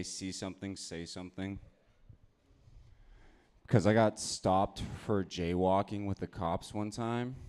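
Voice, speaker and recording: A young man doing a stand-up set at a comedy club on a handheld mic, telling his stories in a laid-back deadpan way. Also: fairly low pitch, clear, resonant tone.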